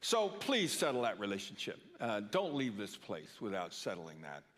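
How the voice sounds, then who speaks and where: A man's voice: on the low side, wildly swooping pitch, normal speed, fairly bright tone. An older man preaching a sermon in a church, earnest, often repeating words for emphasis. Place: church sanctuary. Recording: long reverb of a church hall.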